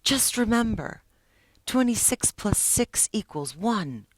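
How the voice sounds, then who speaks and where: A woman's voice: on the high side, sing-song, no room sound, voice pushed up, exaggerated voice. Woman reading as a lonely teenage boy. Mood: defiant. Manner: slow, earnest reading.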